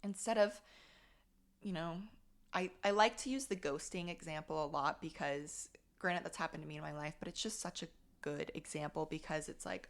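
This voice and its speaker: A woman's voice: low voice, moderate pace, vocal fry. A young adult woman hosting her own podcast, telling a personal story in a candid, casual way and swearing freely. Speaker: podcast host. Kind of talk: casual solo reflection.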